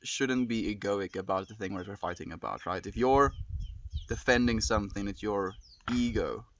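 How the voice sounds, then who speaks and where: A South African man casually live-streaming from his farm, calmly reflecting and greeting viewers by name. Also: on the low side, moderate pace, a little hiss or hum. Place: outdoors on a rural farm.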